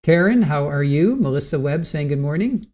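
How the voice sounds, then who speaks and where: A man's voice: a little high, lively intonation, moderate pace, a little mellow. A man hosting a casual livestream about a court trial, greeting chat viewers by name and recapping the case with many ums and restarts. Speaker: livestream host covering a trial.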